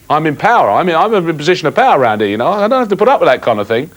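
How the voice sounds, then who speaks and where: A man's voice: mid-range voice, very animated, racing. A man presenting a live cable TV phone-in, full of jokey banter and mock bluster.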